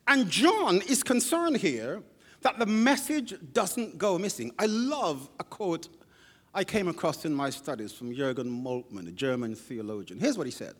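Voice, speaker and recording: Animated preacher in a reverberant hall. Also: male voice, fairly high pitch, a little slow, breathy edge. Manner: animated storytelling with acted-out quotes. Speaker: pastor. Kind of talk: sermon. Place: church.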